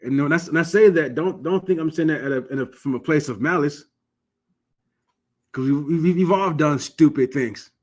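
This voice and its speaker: Guy from michigan preaching law class, kinda high voice, earnest, keeps restarting his words. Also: normal speed, darkish tone. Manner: earnest, exhortative, frequent restarts. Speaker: religious law teacher. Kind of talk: informal scripture teaching.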